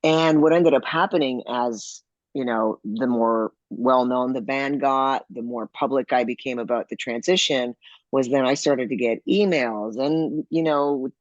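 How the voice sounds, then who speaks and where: A man speaking as a podcast guest, telling personal stories in a lively way and acting out the people he quotes. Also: mid-range voice, measured pace, no room sound, highs cut off. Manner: animated, acts out quoted people. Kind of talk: conversational storytelling.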